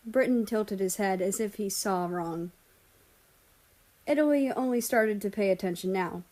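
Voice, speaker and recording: A woman reads a fan fiction story aloud as an audiobook. Her narration is steady and even, carrying the listener through the scene. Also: mid-range voice, measured pace. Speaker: story reader.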